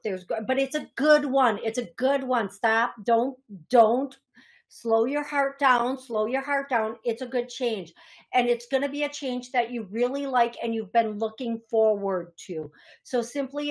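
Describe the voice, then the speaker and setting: A woman with a fairly high, somewhat dark voice hosts a call-in radio show as a psychic medium. Chatty and rambling, she laughs at herself and repeats key phrases to stress them.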